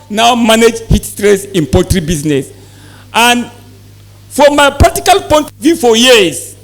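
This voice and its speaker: A man giving a live seminar talk to farmers, repeating points and asking the audience questions. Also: extremely high pitch. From Nigeria. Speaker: sales manager giving a farm talk.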